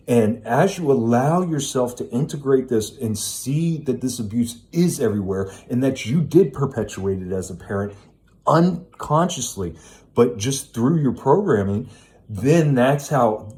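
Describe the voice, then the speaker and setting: A man's voice: mid-range voice, dark tone. A middle-aged man speaking in a blunt, preachy self-help monologue, swearing often. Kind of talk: casual monologue.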